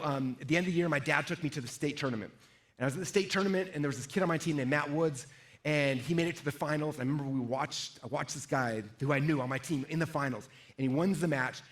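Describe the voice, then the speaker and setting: Energetic fast-talking male seminar speaker. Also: a little high. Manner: energetic, asks the audience questions, acts out inner voices. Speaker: sales trainer. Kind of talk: live seminar talk to an audience.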